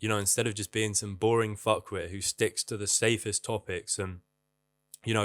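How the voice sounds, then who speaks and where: Blunt young man, low voice. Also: a bit bright, no room sound. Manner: candid, blunt, swears casually. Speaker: vlogger. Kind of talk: casual advice monologue.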